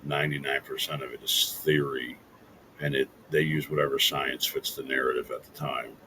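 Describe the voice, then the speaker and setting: A man's voice: very deep voice, fairly even intonation, normal speed, sharp tone, a little hiss or hum, poor audio. A man speaking as a guest commentator on a political talk show, insistently listing his complaints.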